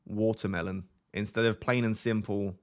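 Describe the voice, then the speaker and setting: A young man with a light Essex accent chats casually on a live stream, reading out viewer questions and answering them. He pokes fun at himself and laughs often. His voice sits a little on the low side. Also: a little fast, a bit bright. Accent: light Essex English. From Essex, England. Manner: chatty, self-mocking, laughs often.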